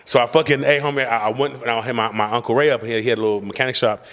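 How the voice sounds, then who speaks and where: A man's voice: mid-range voice, steady tone, rapid-fire, fairly bright tone, long reverb tail. A young man hosting a casual chat, telling a boastful, profane, slang-heavy story. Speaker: podcast host telling a story.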